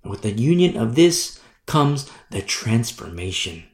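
Slow, emphatic preacher in an echoey room. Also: male voice, medium pitch, big pitch swings. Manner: emphatic, repeats phrases with rising then dropping voice. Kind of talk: sermon.

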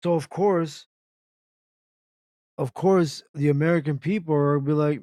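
A man's voice: on the high side, fairly even intonation, unhurried, long pauses, mellow, no echo. A man hosting an internet radio show, ranting in a casual live commentary, repeating himself and firing off rhetorical questions while reacting to chat. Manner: ranty, repetitive, asks rhetorical questions.

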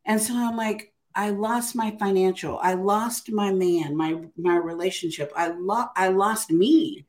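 Unhurried and darkish in tone, a mid-range voice belongs to an older woman, an author and interview guest, telling her story. Her style is casual and emphatic, peppered with "right?".

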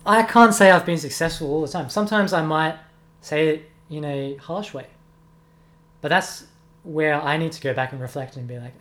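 A man's voice: a little high, normal speed, a bit bright. A young man, a music teacher giving earnest, reflective interview answers with many ums. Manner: earnest, reflective, with frequent ums and self-corrections.

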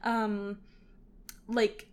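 A woman of ordinary pitch talks through a story in relaxed conversation. She pauses to rethink her points, and she fills the gaps with small hesitations. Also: smooth. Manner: thoughtful, many fillers and hedges. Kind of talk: casual book discussion.

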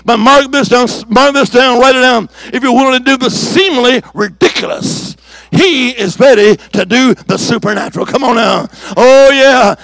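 A man preaches a revival sermon as an evangelist in a church service, fiery and full of rhythmic repeated declarations and shouted calls for the congregation to respond. His voice is very high and creaky, at a moderate pace, with no echo.

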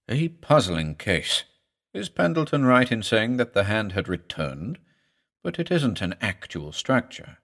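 A man narrating a horror story for an audiobook in a grave, measured, dramatic way. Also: on the low side, a bit bright.

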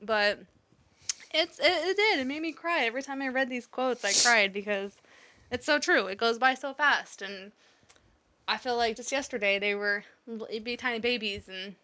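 A woman in her thirties tells a story in a casual chat, animated and swearing freely. Her voice sits a little high and sounds bright and forward. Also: normal speed. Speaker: podcast co-host, mother.

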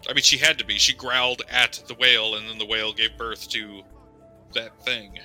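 A man's voice: lowish voice, steady tone, moderate pace, sharp tone, soft background music. A man playing a tabletop game, speaking eagerly. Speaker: player.

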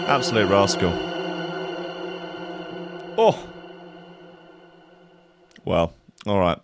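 A man's voice: fairly low pitch, expressive, moderate pace, faint music behind. A man hosting a comedy show, reading news aloud and breaking off for dry, sardonic jokes. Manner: dry, sardonic, mock-exasperated. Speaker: comedy podcast host.

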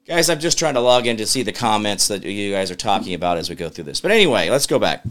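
A political commentary show host rants in exasperation, firing questions at his audience and muttering to himself while working a computer. His voice is on the low side and fairly bright, with big pitch swings, a fast pace and few pauses.

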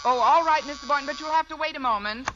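A woman's voice: high voice, fast. An actress in a 1950s radio sitcom playing a dry, wisecracking schoolteacher working a switchboard. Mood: wry. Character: wisecracking, sarcastic woman schoolteacher. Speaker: English teacher. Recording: dull old radio broadcast, loud hiss.

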